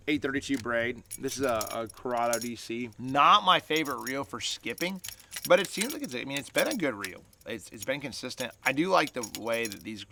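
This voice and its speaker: A man's voice: medium pitch, vocal fry, sharp tone. A man hosting a fishing channel, chatting casually to camera as he explains his gear step by step and asks viewers for their opinions.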